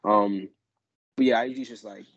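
A young man, a college student, talking in a relaxed, rambling way in a casual group chat, with some self-mocking sarcasm. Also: on the low side, brisk, no room sound, lo-fi sound. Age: young adult.

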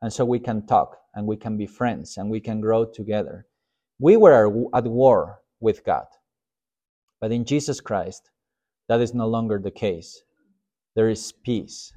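A man's voice: lowish voice, warm tone. A man, a pastor, giving a casual Sunday school sermon in a conversational, self-deprecating way. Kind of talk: informal sermon.

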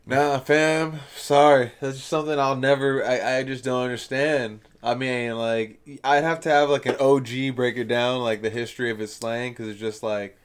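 A man's voice: mid-range voice, steady tone, normal speed, hardly any pauses, smooth. A man co-hosting a casual chat, rambling and profane, laughing often. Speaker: podcast co-host.

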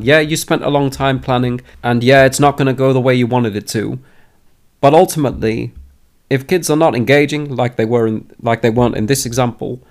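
A man who is an experienced teacher giving direct advice to new teachers. He speaks emphatically and often restates his key points. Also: medium pitch. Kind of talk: direct advice talk to camera.

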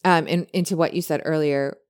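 A woman co-hosting a podcast, chatting casually and retelling a story with many animated quotes. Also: deep voice, brisk. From lived in California. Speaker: podcast co-host.

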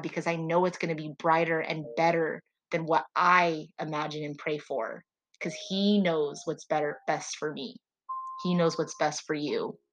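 A woman's voice: sits low, fairly bright tone, poor audio. A woman hosting a solo faith podcast, talking in an earnest, prayerful and heartfelt way. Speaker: podcast host.

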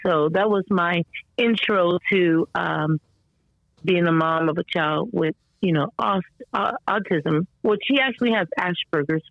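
A woman as a podcast guest tells her story in an animated, rambling way, full of fillers and restarts, and acts out the people she quotes. Her voice sounds slightly strained. The recording is dull and lo-fi with a dry, close sound. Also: lowish voice, unhurried, creaky, no echo. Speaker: podcast guest, mother of an autistic son. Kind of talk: conversational storytelling interview.

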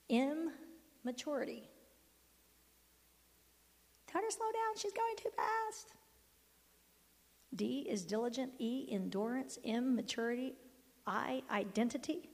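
A woman's voice: fairly high pitch, creaky, a little mellow. A woman pastor preaching a sermon in a conversational, emphatic way. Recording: long hall reverb.

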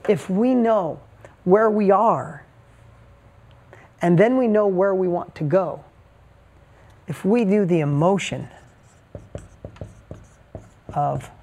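A man's voice: sits high, takes it slowly, pauses often, a little mellow. A middle-aged man giving a motivational talk, telling a story and repeating key points with emphasis. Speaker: motivational speaker.

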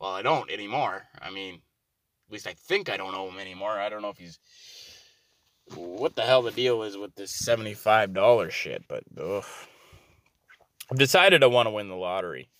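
A young vlogger with a lowish, slightly bright voice and lively intonation talks at normal speed to a camera in his car while driving on the road. His rambling monologue is sardonic, profane, and meandering. The recording is dry, with road and engine noise.

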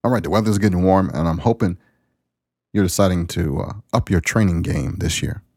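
Deep-voiced, folksy male podcast host. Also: a little fast, a little mellow, slightly rough, no room sound, clean studio sound, faint music behind. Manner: folksy, preachy, plain-spoken. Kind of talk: casual spoken monologue.

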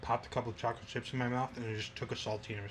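A man's voice: medium pitch, level tone, a little hiss or hum. A young man co-hosting a snack tasting, playful and teasing in casual chat. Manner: playful, teasing, quick to laugh. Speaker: co-host of a snack tasting show.

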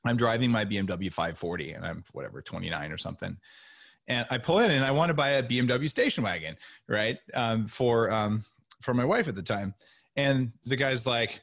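Animated storytelling man, dry close sound. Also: mid-range voice, fairly quick, no echo. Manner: lively, acts out quoted voices. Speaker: podcast guest.

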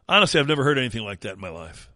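A man's voice: mid-range voice, sharp tone, dry recording. Sarcastic ranting male radio host. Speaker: radio talk show host. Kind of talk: opinionated talk radio monologue.

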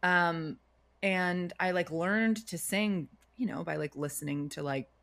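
A young adult woman, an impressionist, talking casually in an interview with lots of fillers and quick jumps into quoted voices. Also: lowish voice. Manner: chatty, many "like" fillers, lively swings into quoted voices. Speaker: impressionist and video creator.

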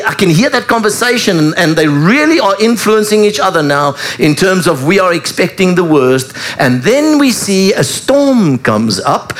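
A male pastor preaches to his congregation and tells the story with animated flair. His voice sits high for a man, and his pitch leaps up and down as he speaks. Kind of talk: sermon.

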